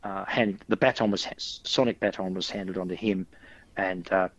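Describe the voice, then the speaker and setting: A middle-aged man, a loudspeaker designer, chatting as a guest in a stumbling, anecdotal way. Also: sits low, fairly even intonation, normal speed, dry recording, lo-fi sound. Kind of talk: casual conversational interview.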